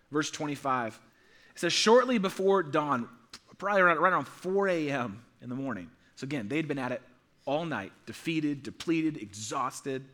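A man preaching a sermon as pastor, animated, with humorous asides, his delivery swinging between loud emphasis and hushed softness. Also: mid-range voice. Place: church sanctuary.

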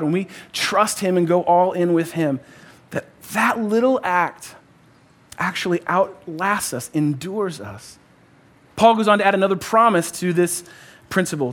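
Preaching quickly in a high voice, this married man, a pastor, delivers a sermon that's chatty yet forceful, full of "like" and "kinda." He keeps circling back to key phrases and asks the congregation to respond.

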